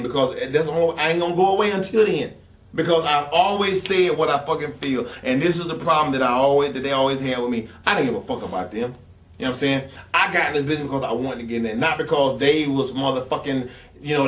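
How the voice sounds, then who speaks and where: A former wrestler in an interview, telling stories in a blunt, angry and heavily profane rant. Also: male voice, medium pitch, a bit bright. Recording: echoey room, speaker far from mic.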